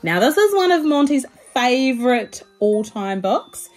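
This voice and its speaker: A woman's voice: high-pitched, unhurried, soft background music. A woman with a New Zealand accent, cheerfully reading a children's book aloud to her child. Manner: cheerful and animated, speaking to a child.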